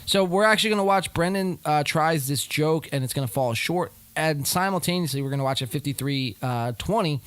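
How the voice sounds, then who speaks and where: A man's voice: fairly high pitch, a little fast, hardly any pauses, fairly bright tone, clear, resonant tone, dry recording. A man hosting a podcast, casually breaking down video clips and calling out lies with lots of ums and rights. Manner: skeptical, calls out lies with filler-heavy talk. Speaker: podcast host reviewing clips. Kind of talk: casual commentary.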